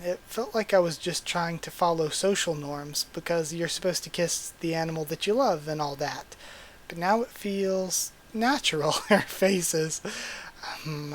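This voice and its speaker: A man's voice: a little high, measured pace, a little hiss or hum, lightly acted. A man voicing a tall, shy young male wolf as he reads a manga aloud, earnest and awkward, in his own everyday voice. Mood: tender.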